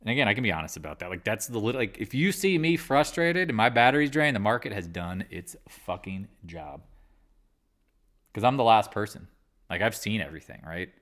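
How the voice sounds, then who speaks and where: A man's voice: lowish voice, very animated, fairly quick, fairly bright tone. A man hosting a live market chat, talking candidly and rambling, with casual swearing. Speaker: livestream trading host.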